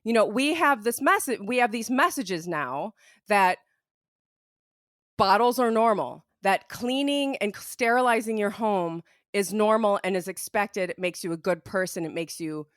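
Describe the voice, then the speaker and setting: Young woman podcast co-host, chatty storyteller, mid pitch, dry sound. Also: unhurried, no room sound. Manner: chatty, lots of "like", animated storytelling. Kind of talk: casual podcast chat.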